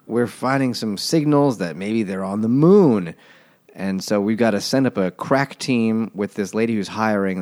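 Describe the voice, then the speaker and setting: Very deep-voiced man, dry and profane. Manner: profane, dry wisecracks, rambling plot summary. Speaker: podcast co-host. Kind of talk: casual book discussion.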